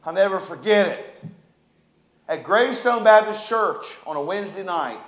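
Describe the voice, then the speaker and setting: A man preaching a sermon as pastor, telling stories and acting out scenes with shouts. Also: high-pitched, animated, normal speed. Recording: echoey church room.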